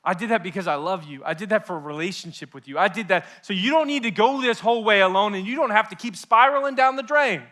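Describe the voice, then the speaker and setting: Bright-voiced, impassioned male youth pastor. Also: sits high, lively intonation, fast, hardly any pauses. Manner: impassioned, swings between loud and hushed; acts out listeners' inner voices. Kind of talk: sermon.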